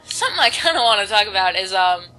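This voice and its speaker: A woman's voice: mid-range voice, very animated, quick pace, sharp tone, poor audio. A teenage girl giving casual, rambling commentary on a video game she is playing, with lots of filler words. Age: teens. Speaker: let's play commentator. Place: home, volume kept low.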